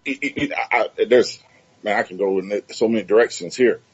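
A man's voice: lowish voice, brisk, slightly rough, highs cut off. A man from Miami hosting an interview, talking reflectively and searching for his words. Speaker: host. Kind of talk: casual interview talk.

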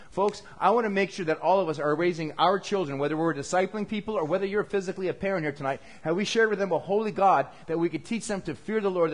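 A man preaching a sermon in a church, animated and acting out quoted dialogue as he goes. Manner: animated, acts out quoted dialogue with shifting pitch and loudness. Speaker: pastor.

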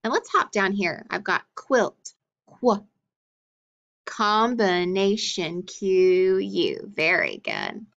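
Slow, patient woman teaching phonics. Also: on the low side, huge pitch swings, creaky, a bit bright. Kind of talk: phonics lesson for children. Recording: dull lo-fi recording.

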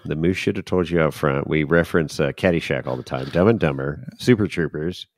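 A man's voice: rumbling low, brisk. A man co-hosting a podcast, chatting casually and laughing easily. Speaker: podcast co-host. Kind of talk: casual chat.

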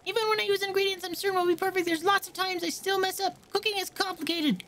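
A woman voicing a fussy, proud young woman cook in a video game, reading her lines aloud in a high, chirpy, indignant voice. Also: steady tone, quick pace, fairly bright tone.

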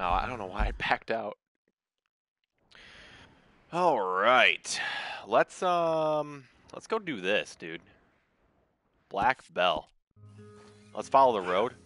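A man's voice: lowish voice, bright, forceful tone. A man streaming a game live, chatting casually, swearing and talking to the animals on screen. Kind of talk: live gameplay commentary.

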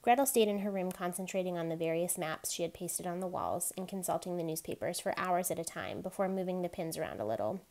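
A woman reading chapters of a novel aloud in a steady, even narration. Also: fairly low pitch, quick pace, hardly any pauses. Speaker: reader.

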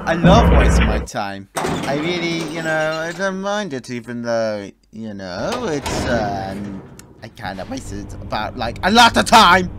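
A young man commentating on a horror game, sarcastic and jumpy, shouting when startled. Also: mid-range voice, expressive, a little slow, very noisy. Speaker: gameplay commentator.

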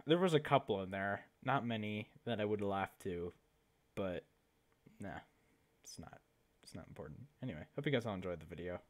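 A man's voice: fairly low pitch, animated, moderate pace, pauses often. Rambling teenage guy reacting to clips. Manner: rambling, chatty, laughs at own jokes. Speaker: YouTuber reacting to videos. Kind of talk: casual reaction commentary.

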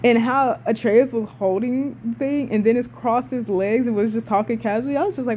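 A young woman excitedly reviewing video game characters in a casual, rambling, profane way, often cutting herself off mid-sentence. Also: a little high, brisk, a little hiss or hum. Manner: excitable, rambling and profane, with frequent swearing and self-interruptions.

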